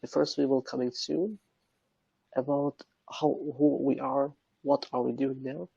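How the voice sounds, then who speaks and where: A young man from Germany answers interview questions in halting English laced with Arabic phrases. His voice is gravelly and raspy, and it comes over a dry, dull lo-fi line. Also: mid-range voice, little pitch movement, mellow, dry recording. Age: young adult. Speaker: interview guest. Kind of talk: online interview.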